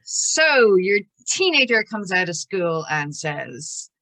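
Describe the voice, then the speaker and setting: A woman's voice: fairly low pitch, big pitch swings, slow, hardly any pauses, bright, forceful tone, no room sound. An Irish woman counsellor explaining child emotions in an interview, acting out little scenes as she goes. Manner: explanatory, acts out little scenes with soothing voices.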